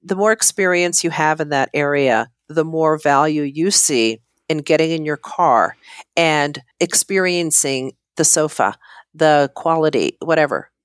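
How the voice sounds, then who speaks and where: A woman's voice: low voice, a little slow, clean tone, no echo, clean studio sound. A middle-aged woman, an interior designer, talking earnestly as a podcast guest. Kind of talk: casual interview chat.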